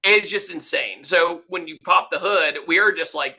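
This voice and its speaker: A man's voice: fairly high pitch, moderate pace, breathy edge, low-quality recording. A man guest on a motoring podcast, telling a story in casual chat and acting out the people in it. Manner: animated, acts out quotes in his story.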